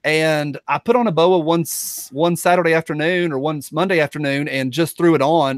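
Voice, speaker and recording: A man with a Tennessee accent talks in a joking, drawling way on a video call. His voice sits a little high. The sound is dry and close, with little room around it. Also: moderate pace, hardly any pauses, no echo. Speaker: podcast guest. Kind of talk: casual chat over a video call.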